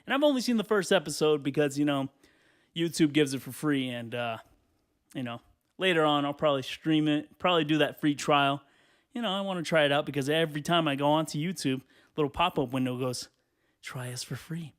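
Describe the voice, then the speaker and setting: A man in his twenties ranting on his own podcast, swearing freely in animated casual talk. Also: a little high, brisk. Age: 20s. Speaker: podcast host. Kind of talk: solo podcast rant.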